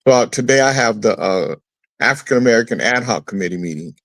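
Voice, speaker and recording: A man's voice: lowish voice, expressive, fast, a bit bright, no echo, poor audio. A man hosting a morning talk show, explaining his business trip at length in casual chat with many fillers. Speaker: show host calling in. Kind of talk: casual radio chat by phone. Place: on a phone line, away from the studio. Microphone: phone.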